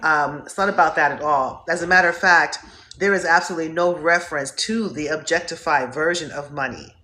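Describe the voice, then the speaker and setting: A woman from Northeast Ohio hosting a live stream, warmly greeting viewers by name in an effusive, upbeat way. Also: deep voice, a little fast. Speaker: host.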